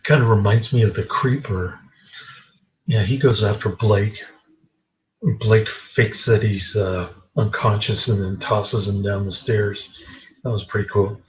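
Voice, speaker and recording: A man giving a casual spoken film review in a halting, meandering way. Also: lowish voice, steady tone, rough recording.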